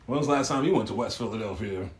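A man co-hosting a casual, profane chat, expressive and quick to jump into high mocking impressions. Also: roomy sound. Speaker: podcast co-host.

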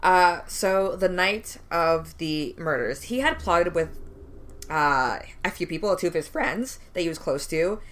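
A woman's voice: on the low side, measured pace. A young woman co-hosting a casual true crime podcast, narrating a case with many ums. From West Indian family, immigrant parents. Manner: relaxed storytelling with frequent ums, laughs between lines.

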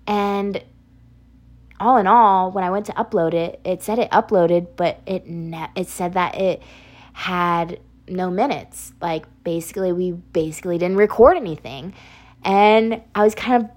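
A woman's voice: fairly low pitch, a little slow, darkish tone. A young woman hosting a casual solo podcast, chatty and rambling, laughing often, with a slight picked-up Southern twang. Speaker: podcast host.

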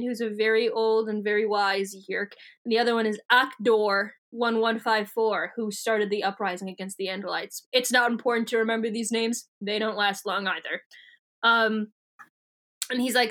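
A young woman with a fairly high voice chats casually as a podcast co-host. She retells a story with animated energy and slips into silly voices for the characters. Her delivery is loose and conversational. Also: moderate pace. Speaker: podcast co-host recapping a book. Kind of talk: casual chat.

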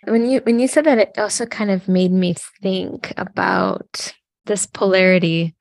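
A woman's voice: medium pitch, measured pace, gravelly. A woman hosting a podcast in casual spiritual chat, a thoughtful and affirming listener. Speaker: podcast host.

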